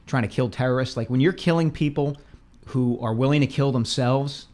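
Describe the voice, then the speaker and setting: A man with a mid-range voice talks sports in a relaxed, casual chat. He is opinionated and leans on fillers like "I mean" and "like". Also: mid-range voice, normal speed. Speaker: podcast co-host, sports columnist.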